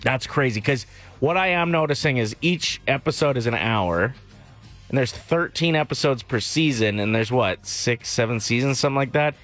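A man's voice: mid-range voice, expressive, moderate pace, fairly bright tone, soft background music. Easygoing radio co-host man. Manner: joking, easygoing, laughs often. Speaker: radio morning show co-host. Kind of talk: casual on-air banter. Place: radio studio. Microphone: studio microphone.

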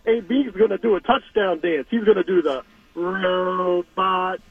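A man's voice: high-pitched, fairly even intonation, measured pace, husky, no room sound. Playful man rapping over a phone line. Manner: playful, mocking, rhyming. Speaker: caller doing a weekly rap segment. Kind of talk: comic rhyming trash talk.

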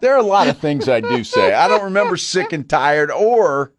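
A man's voice: on the high side, big pitch swings, moderate pace, background noise. A man hosting a casual sports talk show, an enthusiastic storyteller chatting with his co-host in a studio. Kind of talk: casual radio chat. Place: broadcast studio.

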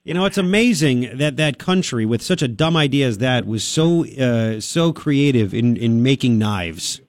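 A man hosting a talk radio show, opinionated and sarcastic, with quick asides. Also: medium pitch, expressive, no room sound, clean studio sound. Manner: brash, sarcastic, rapid asides. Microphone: studio microphone.

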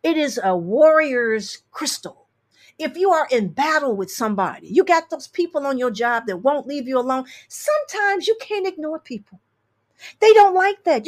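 A woman astrologer hosting a show, reading listener emails and giving blunt, sassy advice with emphatic repeats. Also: sits high. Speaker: astrologer and tarot reader host.

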